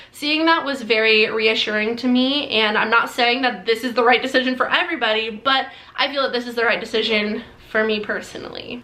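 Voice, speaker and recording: Chatty young woman vlogger, bright voice. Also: fairly high pitch. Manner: chatty, many "like" fillers, giggly. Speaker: beauty vlogger. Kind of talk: casual get-ready-with-me chat. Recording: echoey room.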